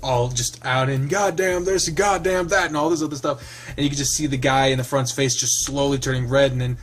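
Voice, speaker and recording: Male game streamer, narrates the visual novel aloud, halting commentary with frequent laughs. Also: mid-range voice, level tone.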